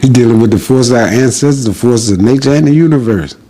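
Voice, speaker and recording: Guy with a low mellow husky voice, preachy and defiant, keeps repeating himself. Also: quick pace. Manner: defiant, preachy, repetitive declarations. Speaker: podcast guest. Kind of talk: impassioned spoken monologue.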